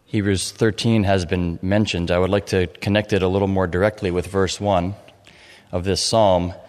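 A man preaching an expository sermon, explaining scripture in a measured way and reading verses aloud. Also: sits low, flat delivery, a little mellow. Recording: long hall reverb.

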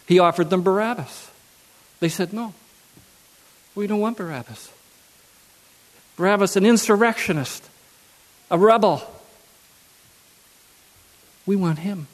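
A man's voice: high voice, in a large hall. A man preaching a sermon who reads scripture aloud and then repeats key phrases for emphasis.

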